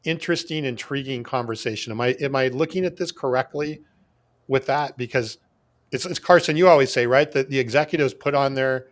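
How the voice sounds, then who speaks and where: A man's voice: mid-range voice, brisk. A man hosting a sales podcast, reading out a listener comment and thinking aloud, checking his take with the guests. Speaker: podcast host. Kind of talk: casual podcast chat.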